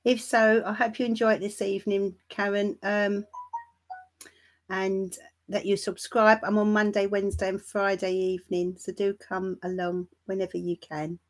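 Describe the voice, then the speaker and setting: A woman hosting a tarot live stream, chatting warmly and calling viewers darling and my love. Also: medium pitch, flat delivery, normal speed. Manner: laughs lightly between remarks. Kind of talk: casual livestream chat greeting viewers.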